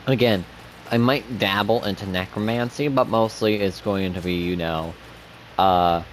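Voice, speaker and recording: A man's voice: fairly low pitch, a little slow, slight background noise. Chatty young man streaming a game. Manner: chatty and rambling. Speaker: gaming streamer. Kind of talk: casual gameplay commentary.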